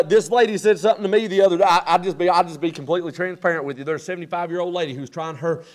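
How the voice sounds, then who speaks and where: A male pastor, preaching a sermon from the pulpit. He builds to loud, rising bursts, then drops low and quiet. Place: church sanctuary at the pulpit.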